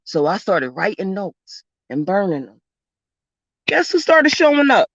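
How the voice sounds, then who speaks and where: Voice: medium pitch, big pitch swings, measured pace, fairly bright tone, no room sound. A spiritual vlogger talking bluntly and casually, swearing and rambling through stories. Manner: blunt, profane, rambling storyteller. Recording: dull lo-fi dry recording.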